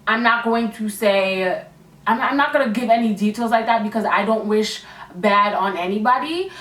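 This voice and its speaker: A young woman telling a storytime to her viewers in a casual, animated way, acting out the people in it. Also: normal speed. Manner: animated, acts out voices with big pitch jumps. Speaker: beauty vlogger. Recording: echoey room, a bit far from mic.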